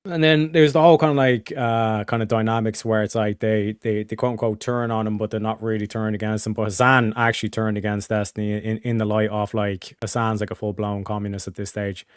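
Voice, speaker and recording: Male streamer host, loose rambling talker who swears a lot, smooth and dry. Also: lowish voice, level tone, brisk, few pauses, no echo. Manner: rambling, many fillers and restarts; swears casually. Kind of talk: casual chat.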